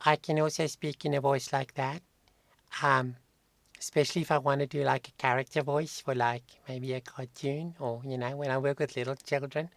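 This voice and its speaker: A man's voice: mid-range voice, little pitch movement, moderate pace, creaky, dry recording, natural voice. A man briefly mimicking a young female singer as she casually explains how she can speak in other voices. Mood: offhand.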